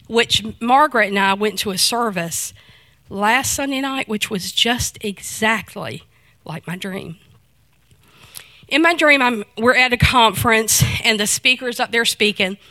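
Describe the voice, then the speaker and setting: A middle-aged woman giving a personal faith testimony, telling it as a lively story and acting out the dialogue. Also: on the high side, dry recording.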